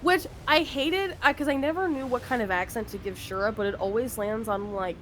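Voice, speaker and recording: A woman's voice: fairly high pitch, brisk, a bit bright, a little hiss or hum. A woman casually telling a long, rambling story about running a tabletop game, full of fillers and laughter.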